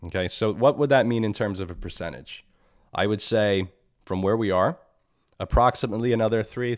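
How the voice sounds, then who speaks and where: A man with a lowish voice hosts a live trading stream and walks through the charts as he goes. He sounds annoyed and blunt, repeats his points and tags them with "right?" He speaks into a streaming mic. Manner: blunt, repeats himself, asks "right?" often. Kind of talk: live market analysis.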